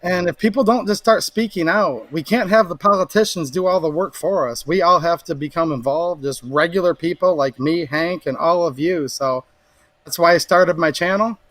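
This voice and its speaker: A man's voice: on the high side, normal speed, fairly bright tone, dry recording. A man speaking as a podcast guest in casual interview talk, earnest and plain-spoken.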